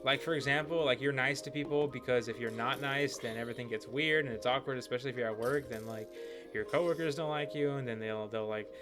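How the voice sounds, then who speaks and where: Speaking quickly at a medium pitch, this young gaming streamer rambles through casual commentary on his game. He swears a lot and leans on "like" as a filler, while music plays behind him.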